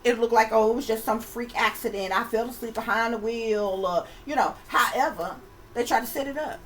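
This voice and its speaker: A woman's voice: fairly high pitch, fairly quick, slight background noise, poor audio. A woman hosting her channel, ranting casually to viewers in an emphatic, profane, repetitive way and calling them y'all. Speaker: channel host and psychic reader. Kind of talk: casual rant to camera.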